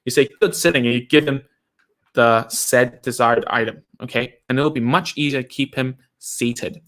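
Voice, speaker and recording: A man hosts a live session, giving casual advice as a speech therapist. His pitch is mid-range for a man. He talks in a chatty way, leaning on fillers and tag questions. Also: steady tone, moderate pace, fairly bright tone. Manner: chatty, uses many fillers like "like" and "right?". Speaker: speech therapist host answering viewer questions.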